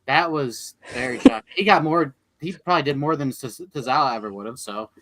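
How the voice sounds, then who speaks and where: A man's voice: on the high side, brisk, a bit bright, dry recording. A man co-hosting a podcast in casual chat, laid-back and joking. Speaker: podcast co-host.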